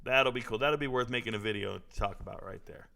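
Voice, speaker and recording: A man casually commenting live on a fight broadcast, reacting excitedly and talking to his chat. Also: lowish voice, quick pace, gravelly.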